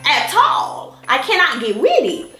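A woman's voice: sits high, huge pitch swings, a little slow, bright, forceful tone. A woman, sassy and direct as she reacts to a TV episode and talks straight to her viewers. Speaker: reaction vlogger. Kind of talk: animated reaction vlog. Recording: echoey room with faint music.

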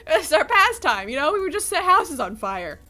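A woman's voice: high-pitched, sing-song, moderate pace, sharp tone, faint music behind, voice pushed up, full character voice. A woman voicing a cruel, sneering male gangster cat in a game, mocking and taunting. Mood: gleeful cruel.

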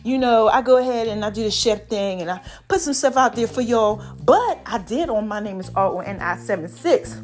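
A woman hosts her own podcast in a lively, drawn-out way, calling out "baby" and "y'all" as her pitch swoops high and low. Her voice sits on the higher side and sounds a little strained from allergies. Faint music plays underneath. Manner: animated, drawn-out preacher-like delivery with "baby" and "y'all". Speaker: podcast host. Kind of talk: solo podcast talk.

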